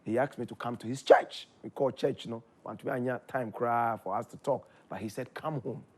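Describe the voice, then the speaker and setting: A man with a Ghanaian accent telling his story in casual chat, animated, his voice jumping up when excited. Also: medium pitch, moderate pace. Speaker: guest.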